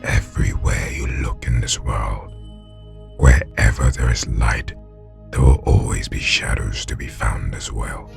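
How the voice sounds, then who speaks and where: A man voicing a menacing male anime villain, calm and bleak, speaking slowly in a low half-whisper. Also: creaky, music in the background, heavily acted. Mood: grim. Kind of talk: voice impression.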